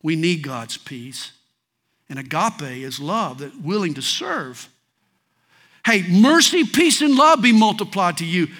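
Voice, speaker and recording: A man preaching a sermon in a folksy way, swinging between loud declarations and soft asides. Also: high-pitched, big pitch swings, a little slow. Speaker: pastor.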